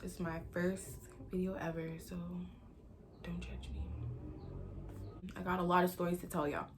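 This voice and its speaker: Young woman telling a story, animated. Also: on the low side, moderate pace, slight background noise. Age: late teens. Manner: animated, slangy retelling with quoted dialogue. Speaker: vlogger. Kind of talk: casual storytime.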